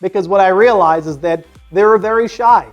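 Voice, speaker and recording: A Jamaican-accented man in his sixties hosts a podcast, reminiscing in a loose, rambling monologue full of restarts and "you know" asides. His voice sits notably high for a man. A faint bed of music plays quietly beneath him. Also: moderate pace, lo-fi sound. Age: 60s. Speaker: podcast host. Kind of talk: casual storytelling monologue.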